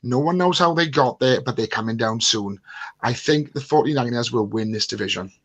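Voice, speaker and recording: A man's voice: mid-range voice, fairly quick, fairly bright tone. A man from the UK co-hosting a podcast, speaking in a playful, mock-dramatic way. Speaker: podcast co-host. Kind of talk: casual podcast chat.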